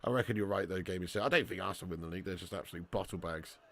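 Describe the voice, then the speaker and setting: A man's voice: sits low, very fast, vocal fry. A young man hosting a casual live watch-along, reading chat and bantering with viewers as lad and mate.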